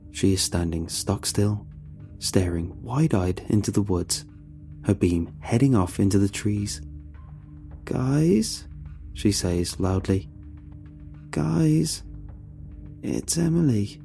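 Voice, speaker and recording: A man telling a first-person horror story in a tense, measured way. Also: fairly low pitch, mellow.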